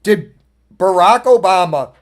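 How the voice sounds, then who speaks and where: Male podcast host, high-pitched voice, blunt and profane, ranting casual monologue. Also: lively intonation, unhurried.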